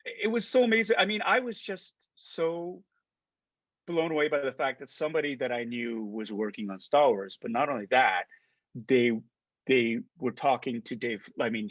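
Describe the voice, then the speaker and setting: A man in his forties, an actor, telling an anecdote in excitable, casual talk with many restarts, heard through a dull lo-fi stream. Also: medium pitch, normal speed, dry recording. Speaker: actor guest on a panel.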